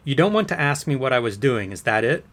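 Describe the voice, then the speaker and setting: A man's voice: mid-range voice, very animated, fast, fairly bright tone. A man playing a witness under cross-examination who answers with curt, defensive denials in a courtroom transcript reading. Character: defensive male witness testifying under oath.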